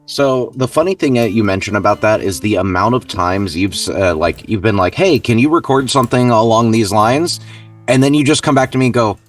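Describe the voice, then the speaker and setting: A man voice actor with a sarcastic, deadpan manner talking in a casual interview. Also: on the low side, brisk, far from the mic, faint music behind. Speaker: voice actor guest.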